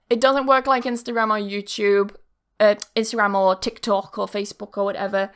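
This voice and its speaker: A woman's voice: fairly high pitch, a bit bright. A woman hosting her own podcast, talking candidly and casually as an online English teacher, with the odd swear word and plenty of "like". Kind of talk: casual solo podcast talk. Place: home setup filmed on camera.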